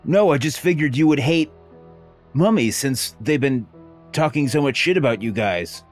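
A man's voice: mid-range voice, animated, moderate pace, soft background music. Laid-back man playing a tabletop game. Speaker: player. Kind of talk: casual tabletop game chat.

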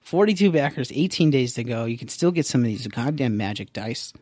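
A man's voice: mid-range voice, lively intonation, a little fast, a little mellow, dry recording. A man co-hosting a comedy podcast in a studio, chatting casually with a profane, sarcastic, jokey manner. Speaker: podcast co-host. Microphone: close studio mic, headphones.

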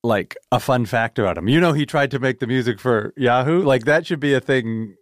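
A man guesting on a casual podcast, chatty and quick to laugh. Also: medium pitch, dry recording, studio quality.

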